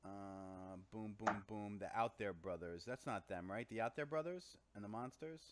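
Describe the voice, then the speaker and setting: A man's voice: fairly low pitch, normal speed, no echo. A man co-hosting a casual live stream, riffing and playing at being indignant. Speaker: co-host.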